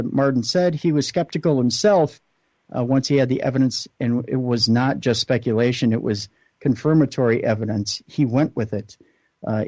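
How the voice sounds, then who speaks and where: A man's voice: mid-range voice, mellow, dry recording. Man hosting late-night radio, dull lo-fi line. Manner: earnest, unscripted, searching for words mid-sentence. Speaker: radio talk show host. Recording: dull lo-fi radio audio, dry.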